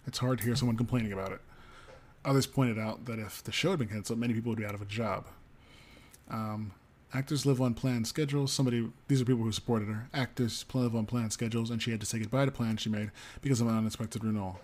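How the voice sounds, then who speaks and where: Man, podcast co-host, casual news roundup, average pitch, steady reading with ums. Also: fast talker. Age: adult parent of a young child. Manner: reads stories aloud with frequent ums and asides.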